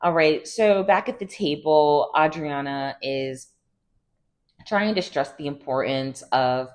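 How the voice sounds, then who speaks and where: A woman with a notably low, deep voice runs through a reality TV recap in a loose, gossipy way. She leans on "like" constantly and drifts into asides while she tells it. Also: slow. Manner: chatty and gossipy, heavy use of "like", laughs often. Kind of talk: casual TV recap chat.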